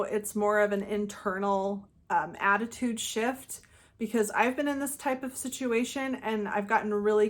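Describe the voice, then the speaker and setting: A woman calmly and earnestly giving advice in a monologue, now and then acting out quoted pleas in a raised voice. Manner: calm, earnest, acts out quoted pleas in higher voice. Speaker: channel host giving advice.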